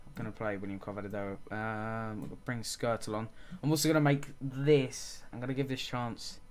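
A man's voice: fairly low pitch, steady tone, moderate pace. A man giving casual let's-play commentary on a football management game, calling the action play by play and muttering frustrated asides. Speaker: gaming channel host.

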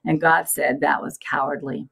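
Woman doing the south wind, patient and explaining, gravelly. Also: sits low, flat delivery, normal speed, a bit bright, voice pushed down, exaggerated voice, poor audio.

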